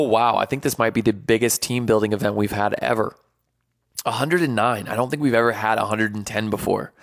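A man's voice: lowish voice, gravelly, no room sound, clean studio sound. A man hosting a live stream, joking with viewers, then hyping them up like a playful drill sergeant and counting out numbers. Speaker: livestream host.

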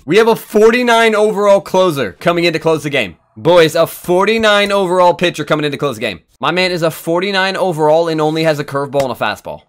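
A man giving excited live commentary on his own video game match, swinging from low muttering to loud yelling and swearing often. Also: fast talker, hardly any pauses, soft background music. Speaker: gaming YouTuber.

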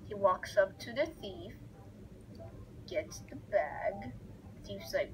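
Excitable gamer woman, animated voice. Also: mid-range voice, slow, background noise. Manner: excitable, reacts loudly and narrates the on-screen action. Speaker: gaming video creator. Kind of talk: casual let's-play commentary.

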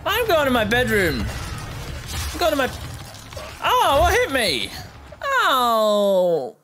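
A gamer records let's play commentary against game music, speaking slowly at medium pitch with huge pitch swings, frequent pauses and a pushed, bright tone. The delivery is jokey, sweary and directed at the on-screen enemies and the game.

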